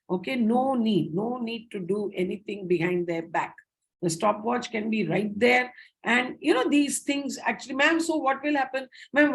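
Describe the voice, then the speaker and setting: A middle-aged woman gives a lecture to teachers, her voice climbing high and dropping back down. She keeps things lively and emphatic, repeats her key points and checks in with "okay?" again and again. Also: low-quality recording. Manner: animated, frequent "okay?" check-ins, emphatic repetition. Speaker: teacher trainer.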